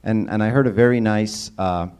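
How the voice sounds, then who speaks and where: A man talks through a sermon in a relaxed, conversational way, with a warm, dark tone. He keeps drawing listeners in with questions and a habitual "right?" tag. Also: on the low side, normal speed, smooth. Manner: casual, engages audience with questions and repeated "right?". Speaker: church speaker.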